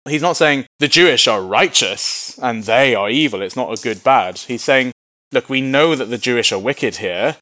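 A man teaching through a book of the Bible, reading verses and paraphrasing them in lively, casual voices. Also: medium pitch, moderate pace, dry recording.

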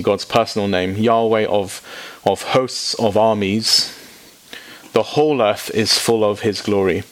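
A man preaching a sermon to a congregation, informal and animated, dropping in quick asides and jokes. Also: lowish voice. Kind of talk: sermon teaching.

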